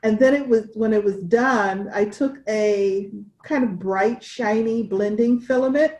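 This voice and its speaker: Woman co-host, unhurried, rambling friendly stitch talk. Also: fairly high pitch, a little mellow, poor audio. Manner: chatty, wandering, with restarts and laughs. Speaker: cross-stitch podcast co-host. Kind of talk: casual chat showing stitching.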